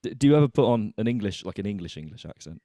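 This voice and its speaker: A man's voice: fairly low pitch, expressive, racing, dark tone, dry recording, clean studio sound. A man hosting a podcast, asking questions in a rambling way that often trails off and restarts. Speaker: podcast host. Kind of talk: casual podcast chat.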